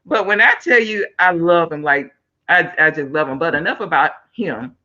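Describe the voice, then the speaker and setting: A woman hosting a live online talk show over a video call, effusive and excitable, thanking viewers by name. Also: sits low, normal speed, dull audio. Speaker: host.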